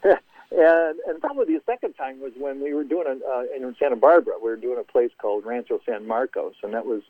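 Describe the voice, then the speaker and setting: Guest: older architect, Midwest-raised, rambling anecdotal delivery, dry tinny phone audio. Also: male voice, mid-range voice, a little fast, no echo. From American Midwest. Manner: anecdotal, chuckling, repeats words. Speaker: golf course architect. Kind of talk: casual storytelling interview.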